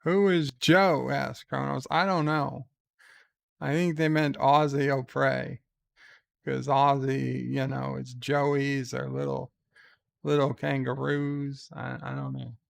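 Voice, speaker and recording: Middle-aged man hosting a stream, unhurried, clear and gravelly, wry and rambling. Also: medium pitch, little pitch movement, no room sound, clean studio sound. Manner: wry, rambling, stammers on restarts. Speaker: livestream host. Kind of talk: casual stream chat, reading viewer letters.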